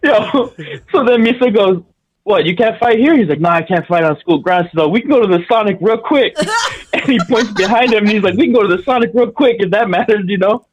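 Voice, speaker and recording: A man's voice: high voice, fairly quick, highs cut off, a little hiss or hum. A man on a podcast, casually telling a story in slang, laughing often and acting out what people said. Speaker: podcast guest.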